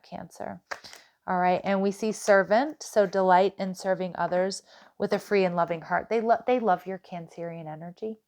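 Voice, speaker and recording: A woman's voice: on the low side, gravelly, darkish tone, slight background noise. A woman doing a casual tarot reading for her viewers, chatty and direct, with plenty of "like" and "you know". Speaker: tarot reader.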